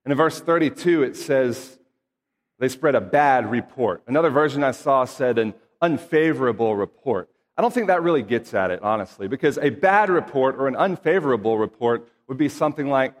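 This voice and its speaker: A man's voice: medium pitch, animated, brisk, in a large hall. A man reading scripture aloud and then preaching in an earnest, conversational way with emphatic asides. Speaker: pastor.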